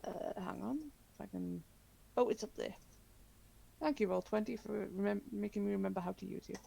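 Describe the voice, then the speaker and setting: A woman narrating a tabletop horror game as game master, halting, with many fillers and frequent laughs. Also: medium pitch, creaky, mellow, breathy edge.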